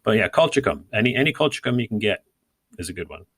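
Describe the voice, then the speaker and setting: A man's voice: fairly low pitch, very animated, fast talker, fairly bright tone, breathy edge. A man co-hosting a podcast, talking casually and rambling with many fillers and restarts. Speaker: podcast co-host. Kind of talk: casual gardening chat.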